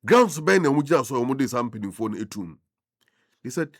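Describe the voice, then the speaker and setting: A man's voice: medium pitch, animated, fast talker. A man with a Ghanaian accent giving impassioned political commentary as a radio talk show host, mixing Twi and English. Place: radio studio.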